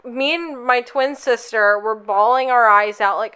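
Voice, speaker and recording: A woman's voice: fairly high pitch, measured pace, bright, forceful tone, clear, resonant tone. A young woman co-hosting a podcast, telling a long story in a rambling, casual way full of fillers. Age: young adult. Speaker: podcast co-host.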